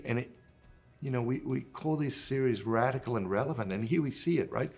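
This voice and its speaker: A man's voice: mid-range voice, normal speed, vocal fry, breathy edge, faint music behind. A middle-aged man hosting a Catholic gospel reflection, reading scripture and then talking it over in an earnest, conversational way. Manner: earnest, conversational, with fillers and restarts.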